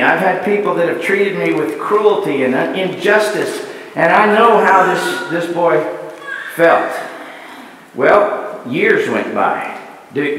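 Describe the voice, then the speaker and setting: Male preacher, high voice, heard from a distance in a church hall with long reverb; repeats rhetorical questions. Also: fairly bright tone. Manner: repetitive rhetorical questions, building lists. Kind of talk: sermon. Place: church sanctuary.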